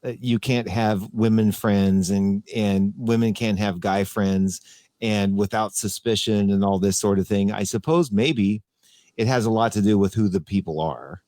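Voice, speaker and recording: A man hosting a casual video call chat, speaking in a relaxed, hesitant way. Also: lowish voice, a little slow, no echo. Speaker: host.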